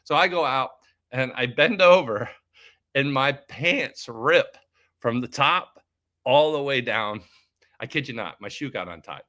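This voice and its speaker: A man who hosts a finance video channel, telling a story in a casual, animated way and acting out both sides of each conversation. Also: mid-range voice, unhurried.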